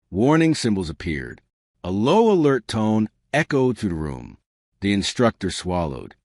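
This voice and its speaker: A man narrating a science fiction story with steady, scripted delivery. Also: fairly low pitch, a little slow, no echo, studio quality.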